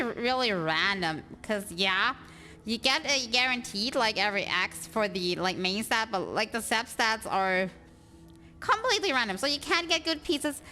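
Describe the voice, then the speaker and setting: A woman's voice: fairly high pitch, bright, forceful tone. A woman streaming a video game and chatting casually, rambling with lots of fillers and small laughs. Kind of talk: casual livestream chat.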